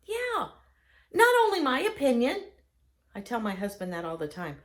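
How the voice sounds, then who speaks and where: A middle-aged woman delivers a humorous advice talk in a higher than usual, very animated voice. She is chatty and pokes fun at herself, and she slips into little voices for the people she quotes. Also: normal speed. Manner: chatty, self-mocking, acts out quoted people. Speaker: speaker giving advice.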